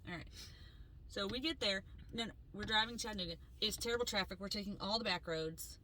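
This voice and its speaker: A woman co-hosting a podcast, telling a story in casual chat, animated and swearing freely as she acts out what people said. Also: mid-range voice, a little fast, slight background noise, rough recording. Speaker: podcast co-host.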